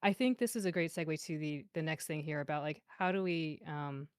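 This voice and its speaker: A woman moderating a casual panel discussion, encouraging and quick, with fillers as she moves between questions. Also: low-pitched, clear, resonant tone, no echo, clean studio sound.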